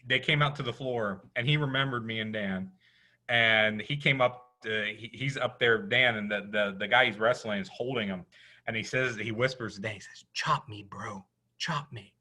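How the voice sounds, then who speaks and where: Bright-voiced man rambling through a story. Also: mid-range voice, moderate pace. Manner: rambling, with many restarts and "you know". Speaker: podcast co-host. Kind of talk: casual storytelling chat.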